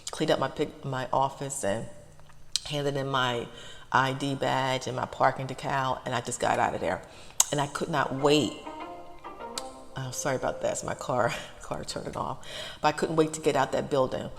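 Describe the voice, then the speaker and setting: A woman with a deep, gravelly voice talks in a halting, soft-spoken ramble from her parked car. She is close to tears and repeats herself often, with a long reverb trailing behind her. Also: fairly even intonation, faint music behind. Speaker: ASMR channel host.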